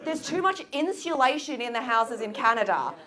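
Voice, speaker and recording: A woman's voice: fairly high pitch, very animated, moderate pace. An Australian woman doing stand-up comedy into a handheld mic, teasing the audience with incredulous questions and laughing as she talks. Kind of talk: stand-up crowd work. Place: comedy venue with a live audience. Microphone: handheld microphone. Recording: live club recording, loud crowd noise.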